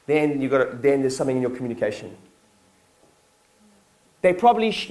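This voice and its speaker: Blunt, energetic man giving a keynote. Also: sits high. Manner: energetic, blunt and profane, acts out little scenes. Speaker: business owner addressing his staff. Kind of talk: live keynote talk. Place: staff conference venue.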